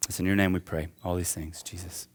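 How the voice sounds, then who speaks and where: A young man with a low voice preaches in a church, pushing his lines up with fervor. Between the peaks he slips into a loose, conversational storytelling tone. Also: flat delivery, fairly quick. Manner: impassioned, rising and falling preaching with casual asides. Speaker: pastor. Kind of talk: sermon. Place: church auditorium.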